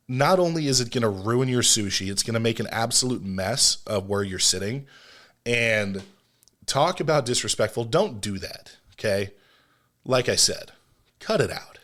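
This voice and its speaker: A man with a lowish voice hosts a solo podcast and talks straight to the listener. His delivery is emphatic, and he slips in firm, scolding asides as he lays out his points. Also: fairly bright tone. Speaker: podcast host.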